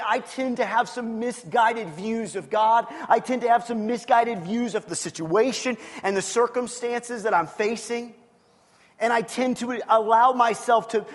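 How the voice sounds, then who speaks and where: A man preaching a sermon as pastor, earnest and repetitive, often restarting his words. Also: very high-pitched. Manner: earnest, repetitive, stumbles and restarts, bursts to shouting. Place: church hall. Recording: long reverb of a large hall.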